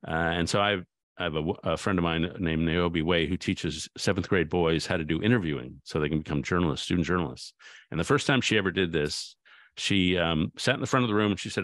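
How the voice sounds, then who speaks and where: A man's voice: low-pitched, brisk, fairly bright tone, no echo, clean studio sound. A man, a guest author, in a reflective conversation, thoughtful and anecdotal, often restarting his sentences.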